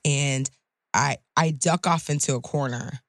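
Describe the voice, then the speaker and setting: A woman's voice: rumbling low, unhurried, dry recording. Emphatic woman attorney, dry close sound. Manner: emotional, emphatic, rising to loud indignation. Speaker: guest attorney. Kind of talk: casual podcast conversation.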